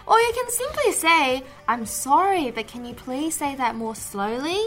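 A woman co-hosting an English learning show, explaining polite phrases in a clear, teacherly way. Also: high voice, expressive, fairly bright tone, soft background music. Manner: clear teacherly delivery, models phrases slowly. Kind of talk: scripted language-lesson chat.

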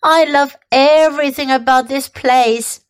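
A worried little pig, read by a woman, with a fairly high, soft tone. He speaks earnestly and anxiously, slowly. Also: steady tone. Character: young timid male pig, anxious and sweet.

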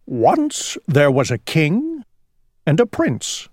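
A kindly old elephant uncle, put on by a woman reading aloud, spinning a tale in a gentle, unhurried way. The voice is close and dry. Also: deep voice, wildly swooping pitch, slightly rough, dry recording, exaggerated voice. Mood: storytelling.

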